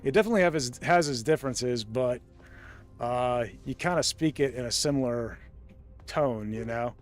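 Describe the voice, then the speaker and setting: A man's voice: mid-range voice, normal speed, soft background music. A man from the American South streaming a game live, talking in a casual, rambling way and laughing often. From Southern United States, Florida. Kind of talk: casual live-stream chat while gaming.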